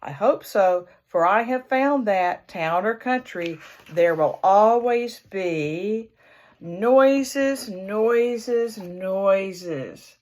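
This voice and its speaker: A woman reading the lines of a fussy, noise-weary gentleman in a children's storybook, in a put-upon exclaiming way. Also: mid-range voice, extremely slow. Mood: content.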